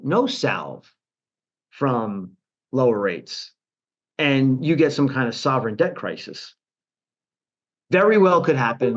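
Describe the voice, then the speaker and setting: A man talking as a guest in a financial interview. His pitch sits in the middle range. He talks in an animated way, restarts his sentences often and acts out other people's voices to mock them. The audio sounds dull and lo-fi. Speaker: guest, portfolio manager.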